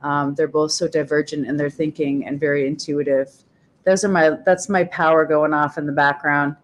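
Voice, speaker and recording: A woman's voice: deep voice, flat delivery, normal speed. A woman guest on a talk show, chatting casually and animatedly, often laughing and acting out quotes. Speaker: regular guest. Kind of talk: casual chat.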